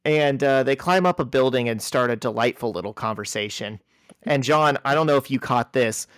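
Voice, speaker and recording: Man, podcast co-host, mid-pitched, dry close mic, animated comic-recap storyteller. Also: normal speed, dry recording. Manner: animated storyteller, reads quoted lines in a lower voice. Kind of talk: casual podcast chat, reading comic dialogue aloud.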